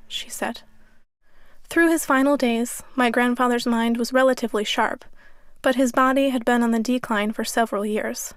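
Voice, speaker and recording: A woman author reading her memoir as an audiobook in a studio, in a steady, measured way. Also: a little high, no room sound. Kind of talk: audiobook narration. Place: recording studio. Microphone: studio microphone.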